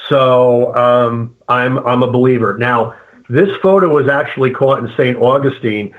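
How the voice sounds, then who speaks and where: A man speaks as a guest in a casual interview, and he comes through a thin, tinny line that sounds like a phone call. He talks haltingly, circling back with fillers and restarts as he makes his point. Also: medium pitch. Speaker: guest paranormal investigator.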